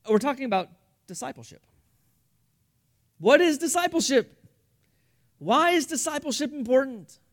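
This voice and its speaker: A high-pitched male pastor preaches to his congregation in a church room. He speaks earnestly and often repeats himself as he builds each point. He shifts easily between storytelling and direct questions to the room. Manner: earnest storytelling with frequent repetitions. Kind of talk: sermon.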